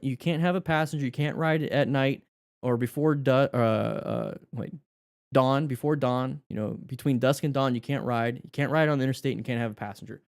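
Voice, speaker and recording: A man's voice: mid-range voice, no room sound, studio quality. A man hosting a live motorcycle class, reading out viewer questions and answering them casually, thinking aloud and correcting himself as he goes. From United States.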